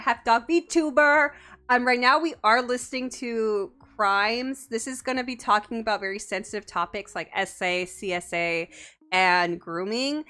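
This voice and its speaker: Giggly bright-voiced woman streamer. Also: a little high. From United States. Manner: giggly, playful, teasing chat. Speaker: VTuber streamer. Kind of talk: casual live-stream chat.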